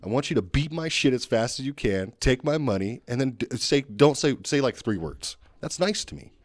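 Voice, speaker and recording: A man's voice: mid-range voice, expressive, moderate pace, no echo, studio quality. A young man co-hosting a casual podcast, blunt and argumentative, swearing as he makes his points. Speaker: podcast co-host.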